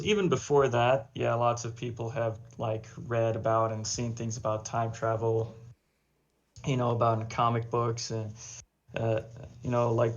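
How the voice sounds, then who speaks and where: Gravelly guy rambling on a reaction vid, lo-fi muffled audio. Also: medium pitch. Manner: rambling, filler-heavy. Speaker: co-host reacting to a video. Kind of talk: casual reaction chat. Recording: lo-fi dull sound.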